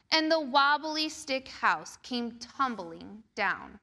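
A woman reading a picture book aloud to children during a church service, slow and expressive. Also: on the high side. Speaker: children's storyteller.

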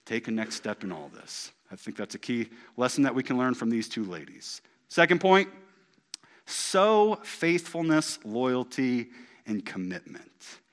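A middle-aged male pastor preaching a sermon, animated and emphatic. He repeats key phrases and swings from loud to hushed. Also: mid-range voice, brisk, hardly any pauses.

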